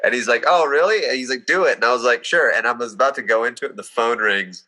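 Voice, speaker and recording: A man's voice: medium pitch, rapid-fire. A young American man, a guest actor, chatting casually and acting out voices in his stories. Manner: animated storyteller, acts out voices. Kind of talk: casual chat.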